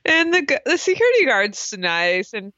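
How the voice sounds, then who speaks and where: A woman co-hosting a podcast, casually recapping a TV episode, animated, laughing a lot and swearing casually. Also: sits high, no room sound. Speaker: podcast co-host. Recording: slightly dull lo-fi sound.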